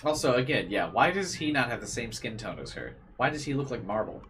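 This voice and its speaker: A man's voice: medium pitch, very animated, brisk, fairly bright tone, faint music behind. A man casually commenting on a visual novel game and reading its lines aloud, amused and chatty.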